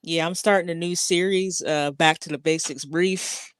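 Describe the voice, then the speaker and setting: A woman's voice: on the low side, fairly even intonation, normal speed, noisy background. A woman who runs a podcast, chatting and giggling as a guest on a live stream. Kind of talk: casual live chat.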